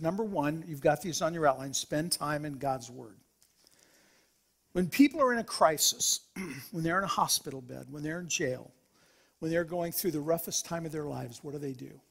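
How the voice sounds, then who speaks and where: A man's voice: sits high, slightly rough. A middle-aged man preaching a sermon as pastor, earnest, with frequent restarts.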